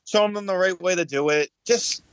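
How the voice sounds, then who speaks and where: Heard smoothly and without echo, the guest speaks in a high, fairly quick, somewhat bright voice. The bowling champion tells his story with sincerity on a casual podcast, repeatedly restarting sentences and repeating himself.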